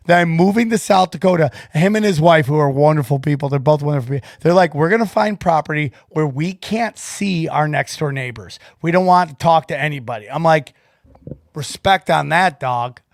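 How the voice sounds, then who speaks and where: A middle-aged man with a high voice hosts a podcast in casual chat. He gets excited, swears freely and acts out both sides of the conversations he retells. The studio sound is dry and close. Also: a little fast, gravelly, no room sound. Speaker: podcast host.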